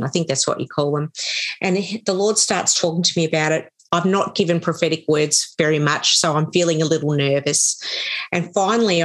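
A woman, a prophetic minister and choir leader, telling lively stories as a podcast guest. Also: sits low. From Australia. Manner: animated storyteller, acts out quoted voices. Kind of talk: storytelling in a podcast interview.

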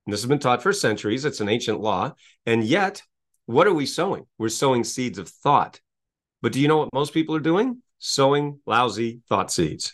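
A man's voice: mid-range voice, expressive, moderate pace. A middle-aged man, a business coach, speaking energetically in an interview with a repetitive motivational cadence and frequent rhetorical questions.

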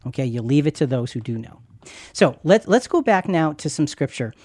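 A man's voice: on the high side, sing-song, normal speed, a little mellow, breathy edge, no echo, clean studio sound. A man who is a pastor and podcast host, talking earnestly and reassuringly about faith, repeating phrases for emphasis. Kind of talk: conversational Christian podcast teaching.

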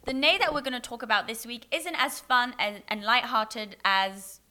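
Bright-voiced chatty young woman. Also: fairly high pitch, normal speed. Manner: chatty, opinionated, many likes. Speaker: co-host. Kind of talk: casual chat.

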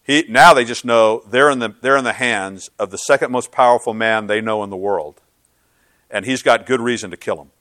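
A man's voice: mid-range voice, moderate pace, dry recording. Earnest preaching man, dry sound. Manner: earnest, swings from loud to hushed. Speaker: pastor. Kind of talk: sermon.

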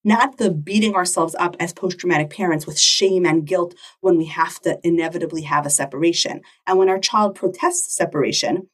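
A middle-aged woman hosting a parenting podcast, talking casually and animatedly, now and then acting out quick exchanges between a parent and a child. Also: on the low side, husky, distant mic. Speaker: podcast host.

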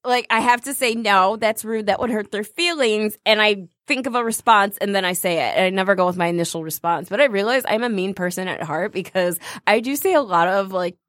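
A woman's voice: medium pitch, fast, few pauses, no room sound. A woman co-hosting a podcast from a studio, telling stories in casual chat with lots of fillers. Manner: animated storyteller, many fillers. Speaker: podcast co-host.

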